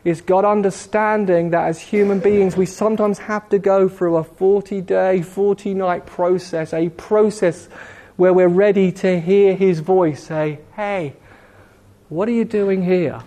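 A man preaching a sermon in a slow, measured way with dramatic pauses, gently voicing God's questions. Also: sits high, steady tone. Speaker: pastor.

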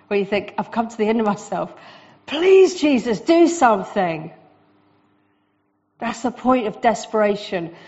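A woman preaching a sermon in a lively, conversational way, with quick asides to the congregation. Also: mid-range voice, dull audio.

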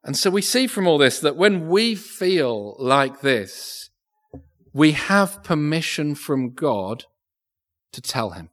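A man's voice: fairly high pitch, big pitch swings, slow pace, fairly bright tone. A man preaching a sermon in a church, earnest, often repeating words as he thinks aloud. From England. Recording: echoey church with long reverb.

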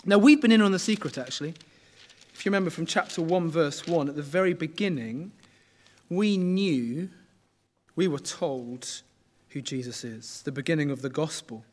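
A middle-aged man preaching a sermon in a conversational way, often asking the congregation questions. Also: a little high.

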